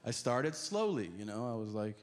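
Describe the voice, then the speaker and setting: A male stand-up comedian telling a long story in a dry, deadpan way, dropping into quick voices for the people in it. His pitch swings widely as he delivers the punchlines. The sound comes from a large, reverberant hall, with the crowd's noise clearly audible behind him. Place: large theater stage with audience. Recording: echoey hall with audience noise. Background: audience laughter.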